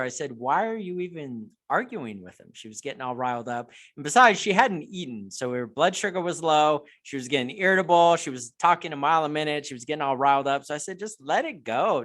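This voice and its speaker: A man's voice: medium pitch, fairly bright tone. Earnest man in a casual chat. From United States. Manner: earnest, reflective, with halting restarts. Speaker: guest.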